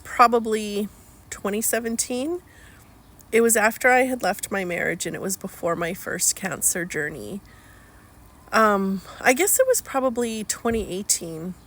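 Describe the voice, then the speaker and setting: A middle-aged woman speaking candidly in a personal video, slow and searching, rambling with fillers. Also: medium pitch, a bit bright. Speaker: healing coach.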